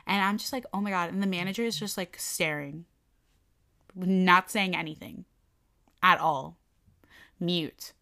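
Bright-voiced young woman telling a story. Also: fairly low pitch, unhurried, pauses often. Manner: animated, lots of "like", acts out quotes. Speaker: storyteller recounting a work incident. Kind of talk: casual chat.

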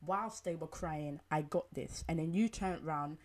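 A woman's voice: low-pitched, a little slow, darkish tone. A young woman giving an emphatic opinion monologue, repeating herself and asking rhetorical questions. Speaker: commentator.

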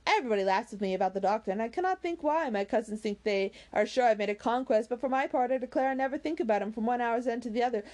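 A woman's voice: on the high side, fast talker, hardly any pauses, darkish tone, close to an everyday voice. A woman putting on a simpering, coy young lady. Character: giggly, simpering young woman fishing for teasing.

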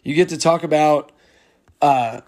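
A man's voice: on the high side, a little slow, darkish tone. A man hosting a casual solo sports podcast, chatting as he reads out listener replies and laughs along with them. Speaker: podcast host.

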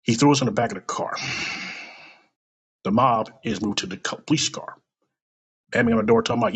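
A man's voice: mid-range voice, sing-song, fairly quick, pauses often, fairly bright tone, breathy edge. A man telling a personal story aloud in a blunt, profane and emotional way.

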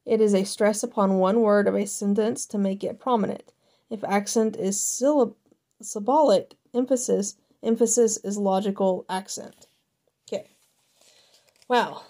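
A woman hosts a reading of encyclopedia entries in a voice of ordinary middle pitch for a woman. She reads carefully, trips on a word now and then and corrects herself, and drops into casual asides between entries. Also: dark tone.

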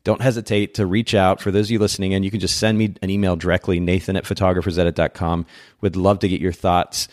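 A man's voice: deep voice, level tone, fast talker, darkish tone, no room sound, clean studio sound. A man hosting a podcast in a chatty way, often restarting and rambling as he talks with his guest. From Japan. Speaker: podcast host. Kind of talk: casual podcast interview.

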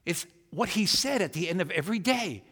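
A man preaching a sermon who acts out voices and swings from loud to hushed. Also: sits high, expressive, a little fast, breathy edge, in a large hall. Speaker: pastor. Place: church.

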